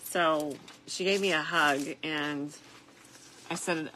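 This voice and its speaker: A tired middle-aged woman talks through a wreath craft in an unhurried, reflective way, dotted with fillers. Her voice sits low but has a bright, clear edge. A faint hiss runs underneath. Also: fairly even intonation, rough recording. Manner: soft-spoken and reflective, with frequent fillers. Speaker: craft vlogger. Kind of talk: casual crafting chat.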